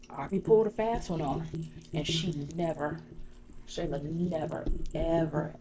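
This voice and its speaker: Low-voiced woman gossiping in ASMR role-play. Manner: chatty storyteller, full of "you know". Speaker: ASMR creator.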